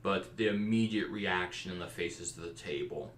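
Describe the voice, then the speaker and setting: A man hosting a podcast and recounting tabletop campaigns he ran as game master in animated storytelling. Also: low-pitched, normal speed. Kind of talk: casual podcast discussion. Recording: roomy echo.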